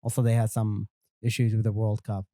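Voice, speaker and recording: A man's voice: lowish voice, flat delivery, a little fast, warm tone, no room sound, clean studio sound. A man co-hosting a comedy podcast, chatty and eager to share trivia. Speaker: podcast co-host. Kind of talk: casual chat.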